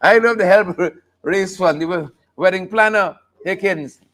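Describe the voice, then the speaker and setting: Hosting a live talk show, a man with a high, slightly bright voice keeps a moderate pace. His news commentary is jokey and relaxed, sprinkled with sung snippets and frequent laughter.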